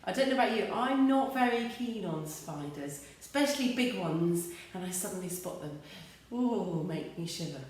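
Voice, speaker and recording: A woman's voice: medium pitch, expressive, normal speed, far from the mic. An English woman, an early years teacher, leading young children through simple action songs in a sing-song, encouraging way. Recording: echoey room with light music.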